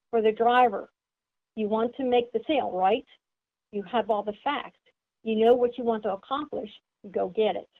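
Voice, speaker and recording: A woman giving an instructional seminar talk, explaining step by step and acting out sample greetings. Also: on the high side. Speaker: seminar presenter. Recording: tinny phone-like sound.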